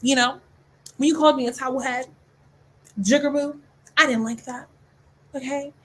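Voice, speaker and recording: A woman acting out a defiant young woman standing up to a bully, fast and insistent. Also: high voice, steady tone, a little hiss or hum, close to an everyday voice.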